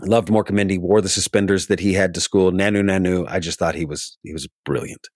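A man, an actor, telling a casual anecdote from a film set, animated and quick to laugh. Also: low-pitched, no room sound, clean studio sound. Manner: animated, laughs often, mimics others' voices. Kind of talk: casual storytelling.

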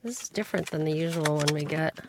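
A woman co-hosting a radio show, bantering in a playful, lively way. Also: low voice, fast talker, noisy background. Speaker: radio co-host. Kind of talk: casual studio banter.

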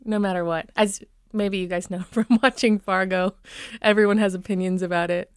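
Woman, light Minnesota accent, dialect coach, mid pitch, enthusiastic explainer, dry studio sound. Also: fairly even intonation, normal speed, smooth, dry recording. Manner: enthusiastic, explanatory, frequent ums. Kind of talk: expert guest in radio talk.

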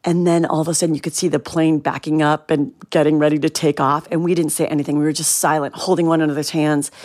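Lively middle-aged woman telling a story. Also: low voice, fast talker. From Cleveland, Ohio area. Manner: animated storyteller acting out quoted voices. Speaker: guest. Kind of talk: storytelling in an interview.

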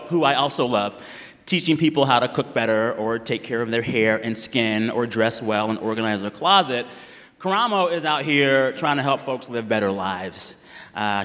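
A man's voice: mid-range voice, fairly bright tone. Brief: male host on stage, playful, upbeat, in a big hall with a crowd. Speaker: host, interviewer. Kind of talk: live stage conversation. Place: large hall with live audience. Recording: live hall reverb, audience.

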